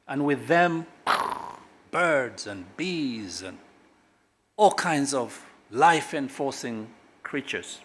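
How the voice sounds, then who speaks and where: Brief: middle-aged man, government speaker, emphatic keynote delivery with dramatic pauses. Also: expressive. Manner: emphatic orator, big swings in pitch and loudness, dramatic pauses. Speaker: government official giving a keynote. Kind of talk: public speech at a corporate launch.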